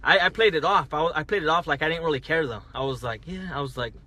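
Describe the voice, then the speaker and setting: A man's voice: on the high side, fast, pushed and bright. A man telling a story on a casual phone livestream, rambling, restarting and repeating himself as he talks. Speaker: livestreaming driver. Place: parked car at night.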